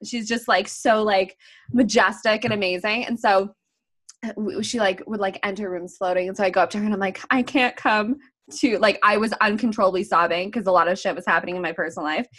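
A young woman hosting a podcast, telling stories in a casual, animated way, laughing often and swearing freely. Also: medium pitch, quick pace. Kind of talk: casual chat.

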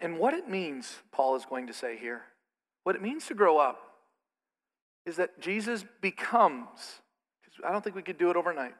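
Middle-aged male pastor, high bright voice, preaching in a long-echo church hall. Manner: animated, with mocking put-on asides. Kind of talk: sermon. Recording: reverberant hall.

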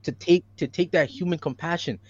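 A man's voice: a little high, brisk, a little mellow. A man in a casual podcast discussion, retelling events with slang and acting out the quotes. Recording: dry, dull lo-fi mic.

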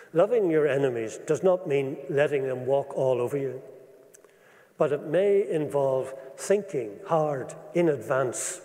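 A man preaching a sermon in an earnest, measured way, slowing down to stress the scripture he quotes. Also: fairly high pitch, a little mellow. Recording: long reverb of a large hall.

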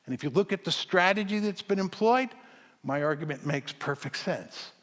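A man giving a public lecture to an audience, arguing his point forcefully and hammering it home with emphatic repetition. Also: sits high, lively intonation, moderate pace, big-room sound.

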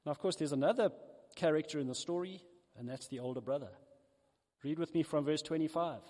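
Delivering a sermon at a brisk clip, a preacher with a high male voice brings a parable to life, shifting into each character's voice. The long echo of a big hall trails his words.

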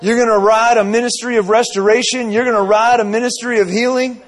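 A man with a notably high voice preaches a sermon. He tells his story loosely, circling back with repeated phrases and asides to the congregation. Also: steady tone, brisk.

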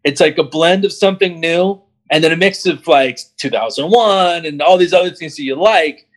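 A man chatting casually about a TV series, rambling and animated, with many restarts. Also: a little high, normal speed. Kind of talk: casual chat.

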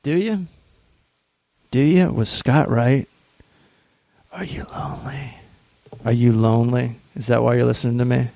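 A man's voice: medium pitch, moderate pace, vocal fry, a little mellow, no room sound. A man hosting a podcast alone, chatting casually and crudely with a caller, full of jokes. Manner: crude, joking, playful. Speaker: podcast host.

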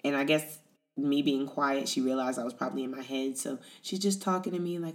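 A woman's voice: rumbling low, fairly even intonation, fairly quick. A woman podcast host telling a personal story in a candid, conversational way, often calling her listeners "y'all.".

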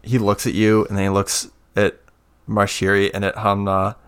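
A man narrating a tabletop game as game master, relaxed and hesitant. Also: lowish voice, normal speed, clear, resonant tone. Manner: relaxed, hesitant, many fillers.

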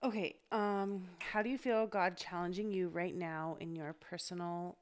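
Low-voiced chatty young mom. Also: female voice, steady tone, normal speed, clean tone. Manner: candid, chatty, many "like" fillers. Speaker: mother of a young child. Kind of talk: casual faith talk.

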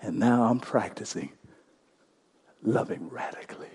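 A male pastor telling a story during a sermon, impassioned, swinging between loud bursts and hushed passages. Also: lowish voice, a little slow, breathy edge.

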